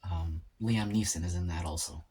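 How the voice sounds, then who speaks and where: A man in a casual solo eating vlog, rambling and musing aloud with pauses as he chats about movies. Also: low voice, dark tone, a little hiss or hum. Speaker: mukbang vlogger. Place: home, at a table eating.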